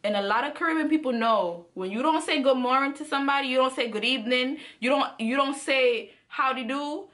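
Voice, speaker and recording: Young woman vlogger, high-pitched and bright, animated and chatty storytime delivery. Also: fairly quick. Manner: animated, chatty, speaks straight to viewers. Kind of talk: casual storytime.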